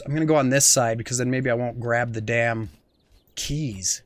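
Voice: mid-range voice, moderate pace, faint music behind. A young adult gaming host giving giggly, playful let's play commentary and often talking as the goose.

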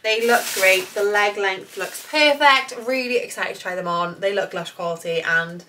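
A British woman in her thirties, slightly hoarse while getting over an illness, rambling enthusiastically through a clothing haul with lots of fillers. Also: mid-range voice, moderate pace, hardly any pauses, bright, forceful tone, slight background noise, low-quality recording. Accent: British English. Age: 30s. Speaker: fashion vlogger. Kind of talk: casual try-on haul chat.

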